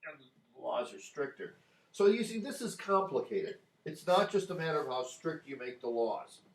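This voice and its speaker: An older man vlogs a rambling monologue of his opinions, his slightly high voice moving in a sing-song way at a normal speed. Easily distracted, he wanders into asides and turns emphatic whenever he argues a point.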